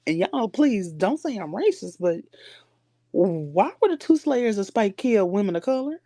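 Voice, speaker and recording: A woman in casual, animated chat on a live stream, teasing and repeating words for emphasis. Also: mid-range voice, unhurried, no echo. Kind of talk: casual chat about a TV show.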